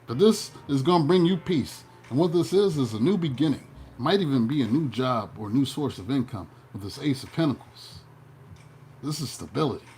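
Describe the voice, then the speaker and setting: A man giving a casual tarot reading, playful and animated, breaking into joking mock voices. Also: medium pitch, fairly quick, slight background noise. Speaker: tarot reader.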